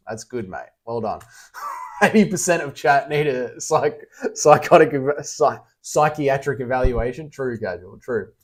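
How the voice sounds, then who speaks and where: A man's voice: medium pitch, expressive, unhurried. A young Australian man casually chatting on a livestream, reading out and answering chat messages with blunt, teasing, sweary banter.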